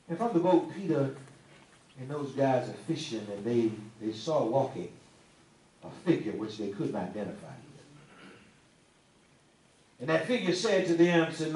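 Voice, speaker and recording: Man preaching, lively folksy delivery, roomy distant sound, faint hum behind. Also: mid-range voice, moderate pace, pauses often. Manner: animated, folksy, teasing the congregation. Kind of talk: sermon. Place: church sanctuary. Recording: echoey room, mic at a distance, faint ambience.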